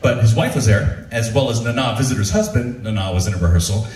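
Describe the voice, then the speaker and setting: A male comedian telling stand-up stories in an animated way, often laughing at his own material. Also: lowish voice, fast. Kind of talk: stand-up storytelling. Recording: roomy, from far off.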